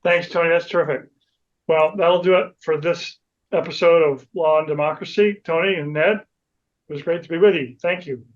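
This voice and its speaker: A man hosts a podcast and speaks in short, cordial lines. His voice sits fairly high, and the audio sounds dull and lo-fi. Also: steady tone, normal speed. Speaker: podcast host. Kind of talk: wrapping up a podcast.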